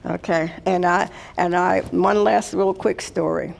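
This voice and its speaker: An older woman from Washington, D.C. gives a workshop on handling conflict at work, talking to the room in a folksy, no-nonsense way. Her voice sits a little low and has a gravelly edge. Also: fairly even intonation, measured pace. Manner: folksy, direct, addresses the room as "guys". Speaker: HR consultant and speaker. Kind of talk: workshop talk.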